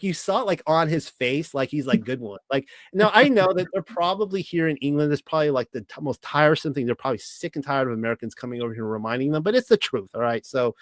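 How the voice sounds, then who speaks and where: A man with a Californian accent, talking in a casual monologue as the host, rambling and halting with many restarts and fillers. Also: on the high side, a bit bright, no echo.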